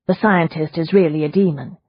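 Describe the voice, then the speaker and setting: A woman reading an audiobook voices a calm, determined young Victorian heroine who speaks gently but firmly. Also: low voice, a little fast, slightly rough, dull audio. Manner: gentle but firm, soothing. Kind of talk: audiobook character voice.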